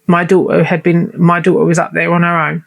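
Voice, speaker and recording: Heartfelt woman with a gravelly voice. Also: fairly low pitch, little pitch movement, a little fast. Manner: heartfelt, emotional, chatty. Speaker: podcast host. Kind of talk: personal storytelling.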